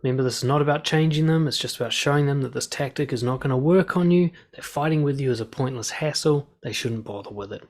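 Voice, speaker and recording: A man's voice: medium pitch, fast, few pauses. A man coaching listeners in a direct advice monologue, blunt and swearing freely, acting out quoted lines. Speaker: dating and confidence coach.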